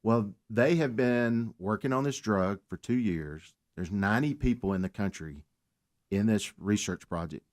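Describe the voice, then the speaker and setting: A man's voice: fairly low pitch, measured pace. A man, a guest on a talk radio show, telling his story earnestly and mentioning his faith.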